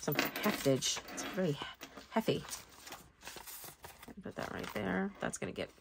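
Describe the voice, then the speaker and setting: A woman's voice: mid-range voice, a little slow, gravelly, background noise. A woman vlogger chatting casually and thinking aloud as she sets up a planner, joking about herself as she goes. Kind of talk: rambling casual chat while crafting.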